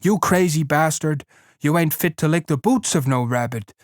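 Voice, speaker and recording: A man's voice: medium pitch, normal speed, dry recording, clean studio sound, close to an everyday voice. Man doing a sneering giant rabbit. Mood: scornful. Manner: sneering, contemptuous rural drawl. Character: scornful giant imaginary rabbit, male, mocking.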